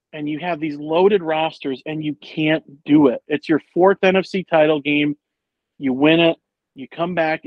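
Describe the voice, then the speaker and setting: A man with a fairly high voice chats about sports in a rambling, animated way, full of fillers and swearing. The sound is dull and lo-fi, and dry, with no room echo. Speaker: podcast co-host. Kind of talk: casual sports chat.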